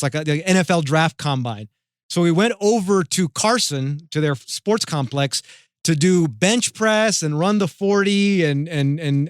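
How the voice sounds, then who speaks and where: A man with a slightly raised voice tells a story with animated, stop-and-start energy. The mic is close and dry, with no room around him. He talks like a guest in a relaxed chat. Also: fairly high pitch, clean tone, no echo. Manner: animated storyteller with many restarts. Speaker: guest radio host.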